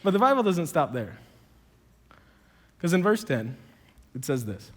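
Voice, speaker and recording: A man's voice: on the high side, very animated, unhurried, fairly bright tone. A male pastor preaching a sermon in a casual, conversational, humorous way. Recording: long hall reverb.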